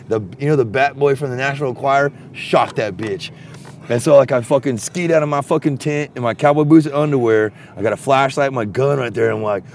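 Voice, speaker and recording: A man telling a long story in a profane, rambling, casual way that turns animated when he gets excited. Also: medium pitch, a little fast, gravelly, slight background noise. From Texas.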